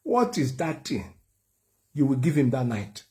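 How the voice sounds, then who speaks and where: A man's voice: mid-range voice, very animated, measured pace, warm tone. A Nigerian preacher voicing a young wife who coaxes her husband playfully. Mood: coaxing. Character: coaxing, teasing young wife.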